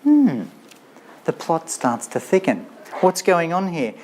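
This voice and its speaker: A man's voice: on the high side, lively intonation, a little slow, slight background noise. A man lecturing on a Bible story, telling it with rhetorical questions and playful asides. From Australia.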